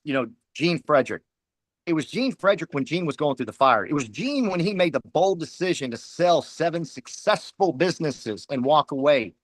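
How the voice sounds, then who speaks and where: A man with a fairly bright, somewhat high voice and no echo delivers a fiery, preachy motivational pep talk to his team. Speaking as team leader at a company huddle, he hammers his points home through repetition.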